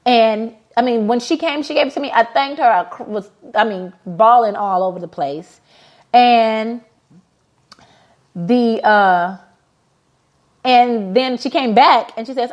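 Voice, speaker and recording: A woman's voice: a little high, a little slow. A woman in her thirties, a business owner hosting a casual motivational talk, telling personal stories in a heartfelt way with many fillers. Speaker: business owner and podcast host.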